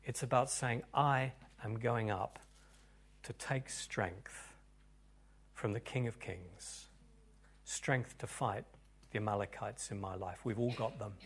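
A pastor leading a congregation in a sermon and prayer, dropping to near-whispers and then rising to loud, fervent declarations. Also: male voice, on the low side, slow, husky.

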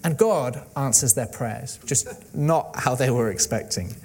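A man preaching a sermon. He retells a film scene with lively storytelling and speaks each quoted line in his own voice. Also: medium pitch, a little slow, slightly rough.

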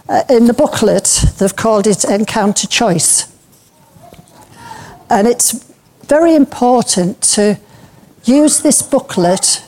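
A woman speaking to a church group, loose and anecdotal, her sentences full of little fillers and easy laughs. Her voice is mellow and warm, sitting at an ordinary middle pitch for a woman. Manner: chatty and anecdotal, with frequent fillers and light laughs. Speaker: speaker at a church breakout session. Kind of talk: informal talk to a church group.

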